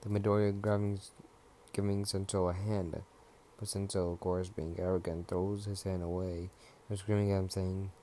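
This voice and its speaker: A man's voice: deep voice, little pitch movement, normal speed, dark tone, slight background noise. A man casually narrating his own fan story, rambling and offhand with frequent fillers.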